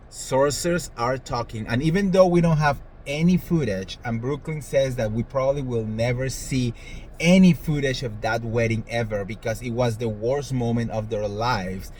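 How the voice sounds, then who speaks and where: A man's voice: mid-range voice, darkish tone, a little hiss or hum, rough recording. A man hosting a celebrity gossip show, talking casually in a sassy, dramatic way and swearing freely. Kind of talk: casual commentary monologue.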